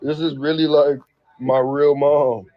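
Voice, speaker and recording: A man's voice: on the high side, little pitch movement, measured pace. Guy rambling on a livestream, keeps laughing, cusses a lot, muffled lo-fi sound. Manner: laughs often, loose and rambling, swears freely. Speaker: livestream host reacting to family drama. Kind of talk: casual livestream talk. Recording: dull lo-fi sound.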